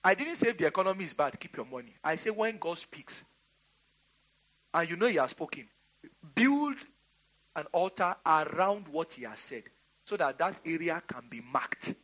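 A man's voice: fairly high pitch, sing-song, normal speed, fairly bright tone. A middle-aged Nigerian man preaching a sermon, giving emphatic commands and laughing through a storytelling aside. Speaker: pastor. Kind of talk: sermon with personal anecdote.

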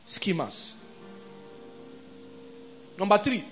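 Faint music plays behind a middle-aged Nigerian-accented man preaching in a high voice, drawing out his words. As pastor, he leads animated call-and-response with the congregation, dramatizing quoted voices.

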